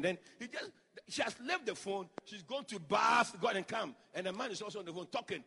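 A male pastor preaching a sermon, acting out quotes and shouting lines for emphasis. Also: high voice, lively intonation, quick pace, creaky, slightly rough, big-room sound. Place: church.

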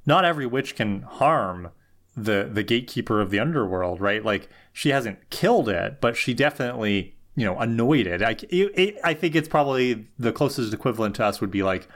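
A man's voice: mid-range voice, lively intonation, a little fast, fairly bright tone. A man co-hosting a casual chat, asking questions and breaking things down analytically, with a lot of "like". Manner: inquisitive, analytical, says "like" often. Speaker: podcast co-host.

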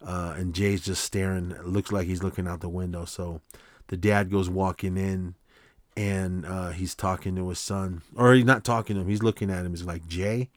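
A man's voice: low-pitched, steady tone, moderate pace, no room sound. A man hosting a podcast, casually recapping a short film in a rambling way, with frequent fillers and restarts. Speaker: podcast host.

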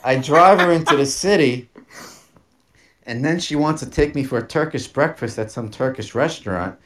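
A man's voice: medium pitch, normal speed. A man casually telling a personal story on a podcast, swearing freely and laughing as he talks. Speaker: podcast host.

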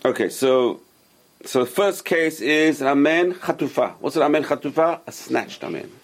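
A man's voice: fairly high pitch, lively intonation, normal speed. A man teaching a casual religious class who repeats his points and drills pronunciation with the students.

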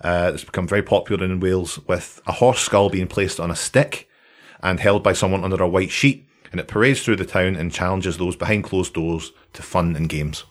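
A man's voice: deep voice, fairly even intonation, brisk. A Scottish man hosting a podcast, telling a story in a jokey, sweary way and laughing often. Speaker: podcast host. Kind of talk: casual chat, storytelling.

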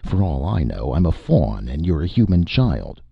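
A man's voice: rumbling low, big pitch swings, moderate pace, creaky, husky, no room sound, highs cut off, heavily acted. A man voicing a brusque man who drinks whiskey and gets rattled, in an audiobook reading. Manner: cold then shaky.

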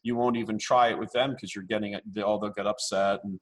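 Guy on a podcast, kinda husky, blunt, keeps repeating himself. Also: on the low side, fairly even intonation, fairly quick. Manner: blunt, forceful, rambling with repeats. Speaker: podcast guest. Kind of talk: casual interview.

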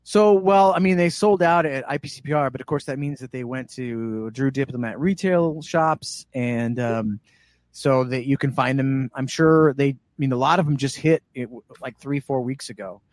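A man telling a story in casual chat as a guest, animated and acting out the voices of the people in it. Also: mid-range voice, normal speed, no echo. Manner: animated, acts out quoted voices.

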